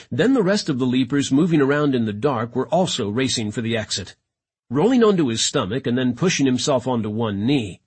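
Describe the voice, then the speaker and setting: A man reading a sci-fi audiobook in a dramatic, expressive narration. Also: medium pitch, breathy edge. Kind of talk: scripted narration.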